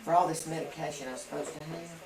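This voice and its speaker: A woman's voice: low voice, fairly even intonation, racing, crowd noise. A woman telling a long story at home in casual talk. She rambles and acts out what people said. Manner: rambling, acts out quoted dialogue. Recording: roomy home video from a distance, background noise.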